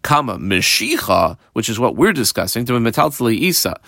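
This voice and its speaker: Very animated and a little creaky, a mid-range male voice with some brightness delivers a daily-page Talmud lesson at normal speed. The clean studio recording has no room sound, and he reads terms, translates them, and calls out punctuation while blending in Hebrew and Aramaic.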